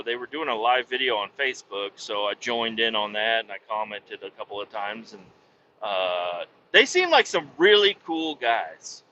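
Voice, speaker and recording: A man's voice: medium pitch, bright, forceful tone, a little hiss or hum. A man hosting a podcast alone in a loose, rambling, profane monologue, often cutting himself off mid-sentence. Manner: rambling, profane, self-interrupting. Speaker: podcast host. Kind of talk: casual solo podcast monologue. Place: home podcast setup in Missouri. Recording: dull lo-fi recording.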